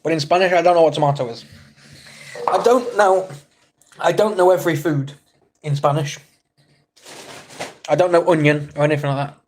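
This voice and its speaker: Man, from England, livestream host, casual chat, joking, slightly higher pitch. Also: moderate pace, pauses often, slight background noise. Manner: chatty, joking, reacts to chat messages. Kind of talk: casual live chat reading comments.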